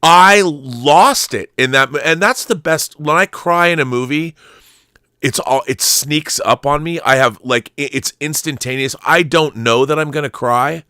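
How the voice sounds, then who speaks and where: A man's voice: a little high, unhurried, sharp tone, smooth, no echo, clean studio sound. A middle-aged man hosting a casual chat, rambling through heartfelt stories with many restarts. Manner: rambling, restarts, emotional storytelling. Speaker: channel host.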